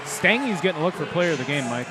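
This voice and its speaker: A man's voice: fairly high pitch, animated, quick pace, heavy background noise. A man adding short, joking remarks as color commentator at a volleyball match. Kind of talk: casual sports banter. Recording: loud crowd and music.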